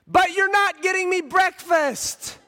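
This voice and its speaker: A man's voice: extremely high pitch, slow, bright, forceful tone, long reverb tail, pitched above the performer's own voice, full character voice. A man voicing his young son, a small boy who whines and insists about breakfast. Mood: whining. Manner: complaining, insistent. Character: whiny little boy wanting breakfast.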